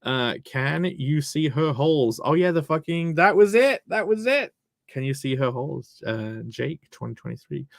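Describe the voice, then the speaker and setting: A man rambles through a live stream, reading viewer messages and joking as he goes. His voice sits a bit high and swings a lot in pitch, with a gravelly edge. The sound is dry and close. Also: expressive, moderate pace, dry recording. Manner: rambling, jokey, swears freely.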